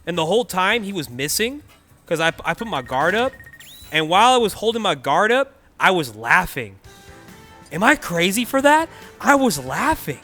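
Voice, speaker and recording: A young man from the Bay Area, commentating a gaming tournament and telling a story in a casual, slangy, animated way. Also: sits high, a little fast. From California Bay Area. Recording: faint music behind.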